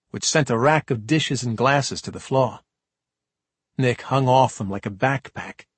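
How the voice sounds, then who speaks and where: A man's voice: medium pitch, breathy edge, no room sound. A man reading an audiobook in a dry, wry first-person storytelling manner. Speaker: audiobook narrator. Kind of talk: scripted narration.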